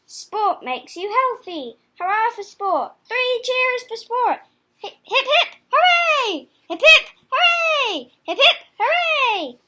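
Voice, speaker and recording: A woman voicing an energetic, sport-loving male hare who cheers and whoops. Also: very high-pitched, slow, few pauses, full character voice. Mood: cheering. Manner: loud cheering, shouted hoorays.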